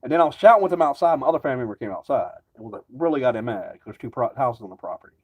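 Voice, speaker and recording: A man's voice: medium pitch, animated, very fast, husky. A man ranting casually to camera, rambling and agitated, swearing constantly. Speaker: vlogger. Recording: dull lo-fi recording.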